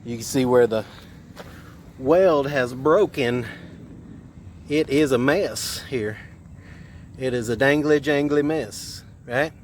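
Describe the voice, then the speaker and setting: A man's voice: medium pitch, slow pace, pauses often, a little mellow, a little hiss or hum. A middle-aged man, a mobile welder telling rambling stories in a casual vlog, recorded outdoors at a work site. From Tennessee. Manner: rambling, laid-back, laughs at his own stories.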